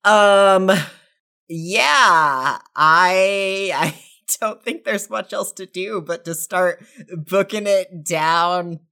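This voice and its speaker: A woman's voice: medium pitch, drawn-out words, sharp tone. A woman playing a tabletop game, speaking hesitantly as she decides what her character does. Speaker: player.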